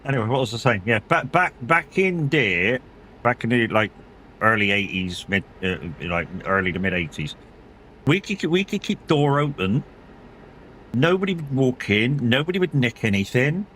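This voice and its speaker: A man's voice: medium pitch, big pitch swings, moderate pace, a bit bright, a little hiss or hum. Sweary, rambling middle-aged man. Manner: rambling, sweary, laughs often. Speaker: streamer. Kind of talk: casual chat while gaming.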